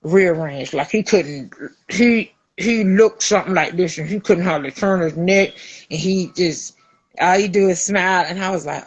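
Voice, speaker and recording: A woman's voice: fairly low pitch, moderate pace, husky. A middle-aged woman, hosting a podcast in casual chat, telling stories animatedly and acting out the people she quotes. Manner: animated storytelling, acts out quoted voices. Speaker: podcast host.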